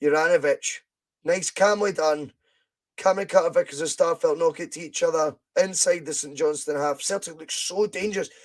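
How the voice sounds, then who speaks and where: Scottish male podcast host, high voice, chatty fan commentary, excitable bursts, greets viewers by name. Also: normal speed. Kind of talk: excitable live football watch-along commentary. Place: at home.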